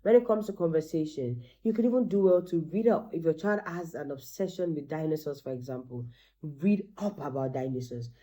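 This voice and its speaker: A middle-aged woman, a teacher and mother, giving animated parenting advice and acting out bits of dialogue. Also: sits low, fairly quick. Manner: animated, acts out quoted dialogue.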